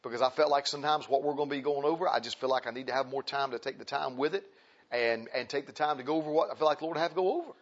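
A man's voice: medium pitch, very fast, highs cut off. A man preaching a sermon to his congregation, emphatic and repeating his points, calling them brethren. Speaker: pastor.

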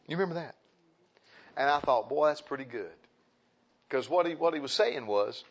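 A man preaching a sermon in a folksy way, dropping to hushed asides and rising to loud exclaims. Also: fairly high pitch, lively intonation, moderate pace, long pauses. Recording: dull lo-fi sound.

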